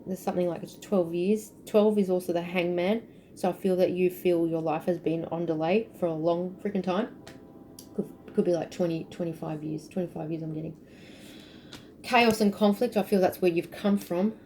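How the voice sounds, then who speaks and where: A woman's voice: fairly low pitch, steady tone, normal speed, mellow, slight background noise, poor audio. A woman giving a casual spiritual tarot reading, chatty and intuitive, trailing off with fillers, sounding tired. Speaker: tarot reader.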